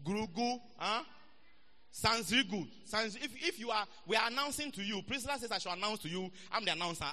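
A man delivers a sermon in a church hall that rings with long reverb. His tone is very bright and fairly high for a man. He teases his listeners and hammers words home by repeating them. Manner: playful, teasing, repeats phrases for emphasis. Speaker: preacher.

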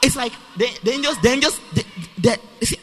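A man preaches a sermon in a church, emphatic and repetitive, restarting phrases as he drives his point home. His voice is very high-pitched, animated, fast and a bit bright, with the long reverb of a church hall.

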